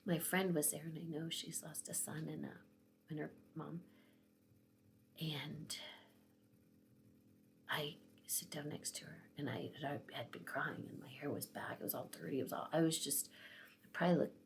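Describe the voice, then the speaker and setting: Tearful woman in her sixties, gravelly. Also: sits low, fairly even intonation, moderate pace, long pauses, a little hiss or hum. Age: 60s. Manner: emotional, often dropping to a whisper. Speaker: vlogger. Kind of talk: personal storytelling vlog.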